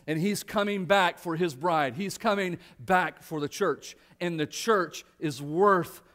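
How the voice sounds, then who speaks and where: Earnest, fairly high-voiced male pastor. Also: a little slow, a bit bright. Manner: earnest, conversational, repeats words and restarts. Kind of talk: sermon. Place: church sanctuary.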